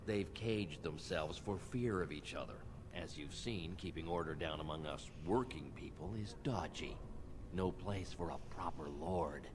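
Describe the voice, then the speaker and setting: A snarky dwarf commoner in a video game, very low and gravelly-toned, curt and dismissive. His lines sit over clear background noise from the game audio. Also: a little slow. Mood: sour. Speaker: game character.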